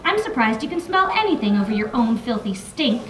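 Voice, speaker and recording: A woman doing a feisty, sharp-tongued young fairy. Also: on the high side, big pitch swings, fairly quick, slight background noise. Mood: defiant. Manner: defiant, snappish. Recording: echoey room, mic from far off.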